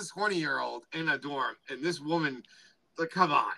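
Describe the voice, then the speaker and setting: Guy cohosting a movie podcast, super bright voice, rambly, lots of likes. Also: on the high side, normal speed, gravelly, poor audio. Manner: rambling, filler-heavy retelling of scenes. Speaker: podcast co-host. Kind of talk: casual movie review chat.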